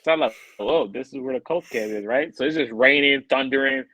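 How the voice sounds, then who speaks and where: A man with a medium-pitched voice, co-hosting a podcast, briskly relates a long story in casual chat, animatedly voicing the people he quotes. The recording has no room sound and its highs are cut off.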